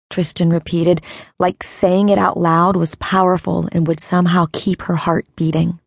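A woman narrating an audiobook in a measured, unhurried storytelling manner. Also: lowish voice, flat delivery, creaky, breathy edge, no room sound, studio quality.

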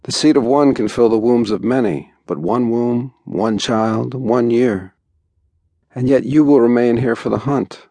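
A man's voice: mid-range voice, a little slow, dark tone, no room sound. A man voicing an argumentative barbarian woman in a storybook reading, countering with careful reasoning. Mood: doubtful.

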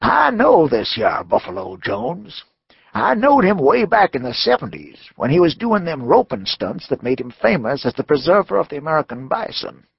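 A man doing a gravelly, blunt old plains veteran. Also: fairly high pitch, big pitch swings, moderate pace, no room sound, muffled recording, pitched above the performer's own voice, full character voice. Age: older. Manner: folksy frontier dialect, blunt.

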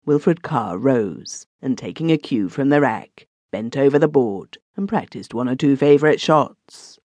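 A man narrating a classic short story in a measured, expressive reading. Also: mid-range voice, no echo. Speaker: audiobook narrator. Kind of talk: scripted narration.

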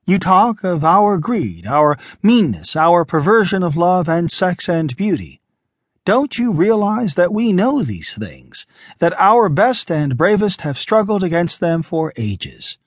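A man's voice: high-pitched, takes it slowly, dry recording, clean studio sound, full character voice. A man voicing a composed male scientist earnestly pleading his case. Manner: calm, controlled, then impassioned.

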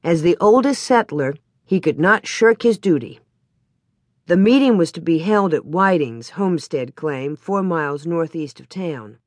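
Woman audiobook narrator, expressive and animated storytelling, close dry read. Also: on the low side, measured pace, dry recording. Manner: expressive storytelling, lively cadence. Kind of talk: scripted narration.

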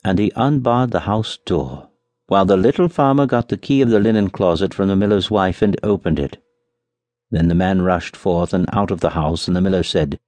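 Guy reading a fairy tale audiobook, low voice, lively, very dry close sound. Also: moderate pace, dry recording. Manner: expressive storytelling. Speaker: audiobook narrator. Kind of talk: scripted fairy-tale narration.

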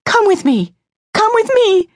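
A woman voicing a frightened young society mother in an audiobook, pleading in a high, panicked voice. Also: sing-song, a little slow, dry recording, studio quality, exaggerated voice. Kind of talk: audiobook character reading.

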